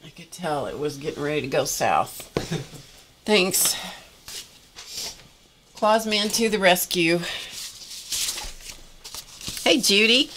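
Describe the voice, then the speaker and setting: A woman's voice: fairly low pitch, animated, slow, pauses often, background noise. A middle-aged woman chatting casually on a craft live stream, exclaiming over gifts and talking to her viewers, her voice a little tired and coughing now and then. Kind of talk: casual live-stream chat, opening happy mail.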